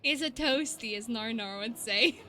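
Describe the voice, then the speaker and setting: A young woman streaming a game, chatting excitably with her viewers and laughing often. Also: a little high, measured pace, a little hiss or hum. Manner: excitable, giggly, chatty with chat. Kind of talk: casual gaming live-stream chat.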